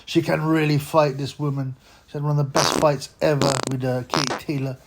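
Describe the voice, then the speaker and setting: A man's voice: a little high, level tone, fairly quick, gravelly. A man hosting a boxing channel, talking in a rambling, mocking rant with lots of stammered restarts. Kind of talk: casual rant to camera.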